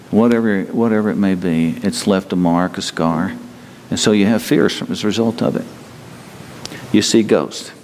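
A man preaching a sermon to a congregation, telling stories in an animated way and moving between loud bursts and quieter stretches. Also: sits low, slight background noise. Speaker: pastor. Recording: long hall reverb.

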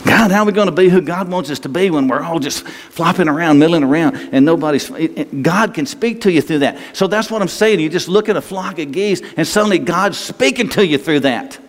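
A man's voice: fairly high pitch, a little fast, hardly any pauses. A man preaching a sermon as a pastor, folksy and rambling, with restarts and small chuckles. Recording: long hall reverb.

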